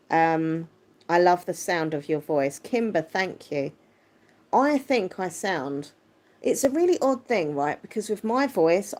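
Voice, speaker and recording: A woman with a lowish voice hosts a relaxed livestream, reading out viewer comments as she goes. Her tone is squeaky yet deep, and she chats easily and laughs often. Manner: chatty, warm-hearted, quick to laugh. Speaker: livestream host. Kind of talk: casual live chat, reading viewer comments.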